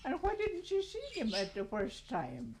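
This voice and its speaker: An elderly grandmother telling a traditional story in a slow, halting way, then chanting a song. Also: on the high side, wildly swooping pitch, noisy background. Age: older.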